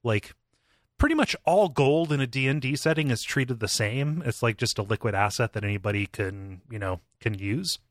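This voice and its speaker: A man co-hosting a podcast in relaxed casual chat, agreeable and quick to laugh. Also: medium pitch, no room sound, studio quality. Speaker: podcast co-host.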